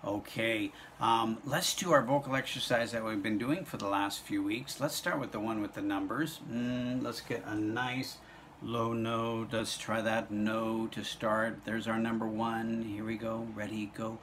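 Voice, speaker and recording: A man teaching an online music lesson, encouraging students and walking them through note names and vocal warm-ups. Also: lowish voice, steady tone, measured pace, slight background noise.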